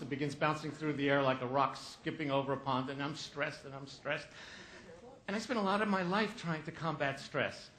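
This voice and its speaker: Man, keynote speaker, slightly high voice, humorous storytelling, acts out the voices in his story. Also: a bit bright, slight background noise. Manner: storytelling with comic asides and acted-out voices.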